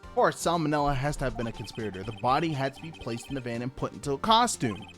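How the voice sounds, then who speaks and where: A young defense lawyer lays out his case point by point, read by a man playing a courtroom game. His pitch moves a lot, and faint game music plays behind him. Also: animated, fast, fairly bright tone, close to an everyday voice. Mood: accusing. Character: young male defense lawyer pressing an accusation.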